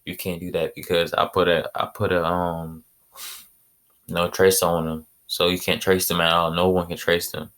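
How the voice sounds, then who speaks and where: Rich: a stubborn, secretive mother, as a man puts her on in a low, forceful voice. She lays out her reasons matter-of-factly. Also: level tone, moderate pace. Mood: explaining.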